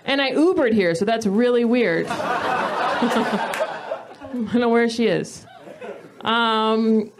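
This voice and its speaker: A woman in her thirties performing a stand-up comedy set, telling stories in an animated way and breaking into mock yelling. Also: a little high. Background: audience laughter.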